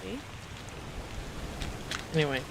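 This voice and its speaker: A woman's voice: slow, heavy background noise. A woman livestreaming a video game, chatting casually and thinking aloud as she works out the puzzle. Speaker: streamer playing a video game.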